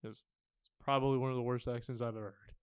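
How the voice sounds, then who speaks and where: Smooth-voiced young man, casual podcast chat. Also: medium pitch, fast talker, no echo. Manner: relaxed, rambling retelling with fillers. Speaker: podcast co-host.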